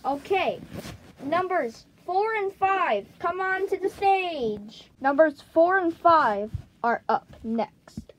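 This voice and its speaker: A woman hosting a make-believe plush-toy game show in an excitable, playful way. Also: extremely high pitch, slow pace, slight background noise, low-quality recording. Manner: excitable, jumps between characters' voices. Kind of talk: playful toy role-play narration.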